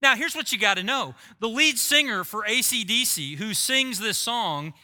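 A middle-aged man delivers a sermon from the pulpit in a high, piercingly bright voice. He tells his story with lively, self-deprecating humor before turning earnest. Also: normal speed. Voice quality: voice likened to a screaming rock singer. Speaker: pastor.

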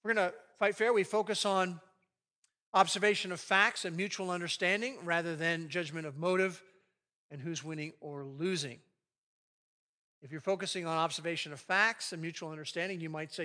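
A man's voice: on the high side, moderate pace, bright, forceful tone. A man preaching a sermon on marriage to a live audience, acting out quoted arguments with animation. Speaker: pastor leading a marriage session.

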